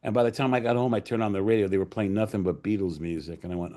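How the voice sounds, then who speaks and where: A man's voice: on the low side, steady tone, racing, warm tone. Rambling older male storyteller. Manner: rambling, profane, many fillers and restarts. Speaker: screenwriter and director, guest. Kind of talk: casual anecdotal storytelling.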